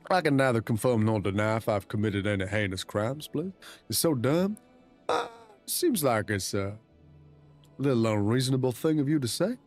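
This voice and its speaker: A man doing a cheeky Texan outlaw, lowering into a lazy drawl with a bad, exaggerated Texan accent. The voice stays animated and playful, rising and falling a lot. Faint game music sits behind it. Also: moderate pace. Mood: mock-sly.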